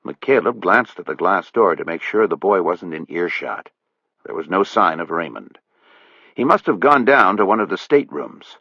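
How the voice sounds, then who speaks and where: A male audiobook narrator with a fairly low voice, telling the story in a measured way with lively pitch movement. The recording is dry and close, with a dull, lo-fi tone. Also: creaky, no room sound. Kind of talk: scripted narration.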